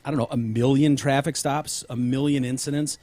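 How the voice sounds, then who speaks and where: A man's voice: medium pitch, fairly even intonation, a little fast, mellow, no room sound. A man hosting a podcast in casual chat, rambling with frequent restarts and casual swearing. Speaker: podcast host.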